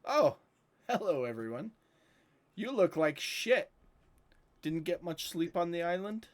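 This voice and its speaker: A man's voice: a little high, very animated, unhurried, voice pushed up. A man playing an ancient, smug male being who mocks the party in a tabletop game. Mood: mocking. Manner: mocking, self-satisfied.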